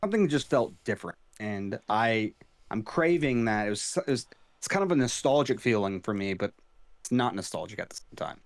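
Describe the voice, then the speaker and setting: A man's voice: lowish voice, animated, a little fast, no room sound. A man co-hosting a casual podcast, laid-back and profane, chiming in with rowdy reactions.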